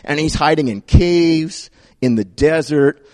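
A male pastor preaching a sermon in a conversational, storytelling manner. His voice sits a bit higher than most men's. He drops in playful asides. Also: measured pace, a little mellow, no room sound, clean studio sound.

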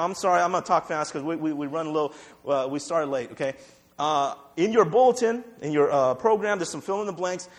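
A man preaching a sermon in a church, speaking conversationally, repeating words and often checking in with "right?". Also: sits high. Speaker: pastor.

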